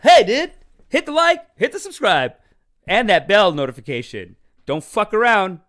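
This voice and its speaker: A man voicing a pushy, hyped male online video host who talks loudly and swears. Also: sits high, sing-song, normal speed, voice pushed up. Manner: loud, brash, swearing.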